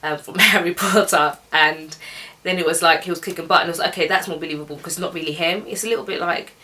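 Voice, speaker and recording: A woman's voice: on the low side, fast, pushed and bright, recorded from a distance. A young woman giving a casual, chatty, opinionated film review, laughing as she goes.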